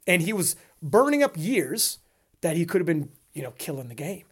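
A man co-hosting a casual podcast, talking in a rambling, animated way and laughing often. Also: a little high, moderate pace, breathy edge. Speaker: podcast co-host.

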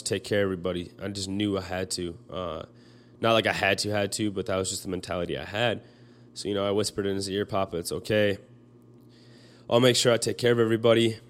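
A young man telling a personal story in a halting way, full of fillers and restarts, choked up as he speaks. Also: fairly low pitch.

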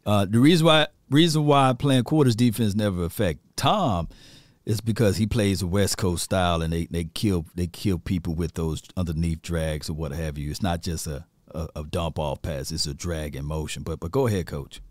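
A man's voice: low voice, normal speed, no echo. A man hosting a sports talk show, chatting loosely and rambling with a caller. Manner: rambling, loose, full of fillers and restarts. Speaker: show host.

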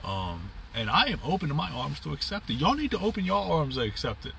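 A man's voice: fairly high pitch, big pitch swings, fairly quick, creaky, fairly bright tone, distant mic, a little hiss or hum. A middle-aged man hosting a podcast, talking in a rambling, upbeat, casual monologue full of fillers and restarts. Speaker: podcast host.

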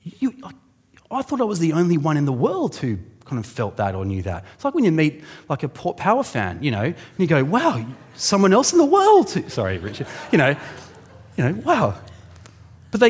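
A man delivers a sermon in a relaxed, conversational way. He is animated and slips into little voices for the people he quotes. His voice rings with the long reverb of a large hall. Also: a little high, fairly quick. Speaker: preacher.

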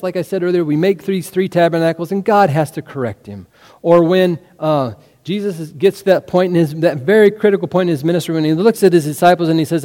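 A man's voice: on the high side, dark tone. A male pastor preaching a sermon, earnest and full of rhetorical questions. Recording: hall reverb.

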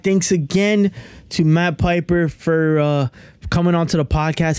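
An excitable man hosts a podcast and talks in a loose, casual way, repeating his words again and again. His voice sits fairly high. The sound is close and dry. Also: dry recording. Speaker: podcast host.

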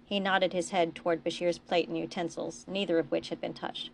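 Low, gravelly woman reading fiction. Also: flat delivery, a little fast, slight background noise. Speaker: author reading her fiction. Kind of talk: reading a novella aloud.

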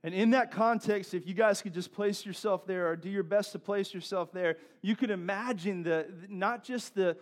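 A man's voice: high voice, moderate pace, hardly any pauses. A male pastor preaching a sermon in a conversational way, repeating himself and building to emphatic peaks.

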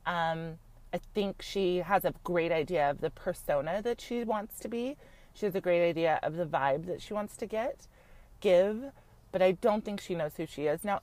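A woman's voice: on the low side, moderate pace, darkish tone, dry recording. A woman giving a casual, gossipy recap of a reality show, frank and chatty, peppering her talk with "like" and the odd swear. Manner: chatty, frank, heavy use of "like", swears freely.

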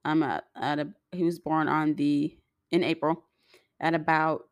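A woman's voice: deep voice, level tone, measured pace, no echo, clean studio sound. A young woman telling a personal story to her viewers in a chatty, rambling way, acting out the voices of the people in it. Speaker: vlogger.

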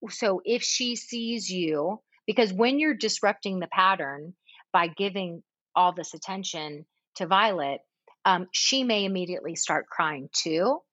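A woman coaching on parenting in casual conversation, animated, often acting out what a parent says to the children. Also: medium pitch, no echo. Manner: animated, acts out soothing parent dialogue. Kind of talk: conversational advice. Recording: slightly dull, dry recording.

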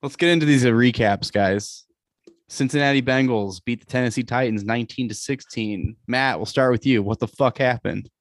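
A man's voice: medium pitch, normal speed, no echo, studio quality. A man hosting a casual sports podcast, joking and laughing often as he leads the chat. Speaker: podcast host.

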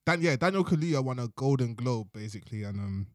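A young man, chatting casually as a podcast co-host, animated, slangy and laughing often. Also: medium pitch, fairly quick, no room sound, studio quality. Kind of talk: casual chat.

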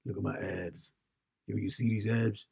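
A man's voice: lowish voice, little pitch movement, moderate pace, vocal fry, darkish tone, husky, no room sound, clean studio sound, heavily acted. A man voicing a boastful American male fitness fanatic who brags about his workouts, with a swaggering manner. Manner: bragging, swaggering.

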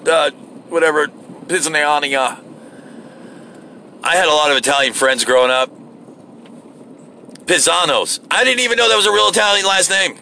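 Here a podcast host rants alone in his car while driving, rambling, profane and sarcastic. He speaks at a normal speed in a fairly high, sharp voice, pausing often, over slight background noise.

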